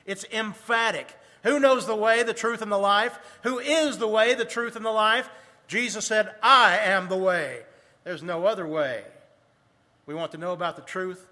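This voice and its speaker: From the pulpit, a man with a high, bright voice delivers a sermon, reading scripture in archaic language. He slows to emphasize important phrases, and a long reverb suggests a large church.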